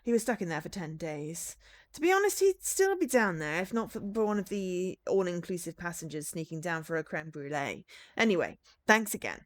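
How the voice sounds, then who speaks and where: A woman's voice: on the low side, very animated, moderate pace. A woman reading out a gushing thank-you message from a cruise-ship client in a video game.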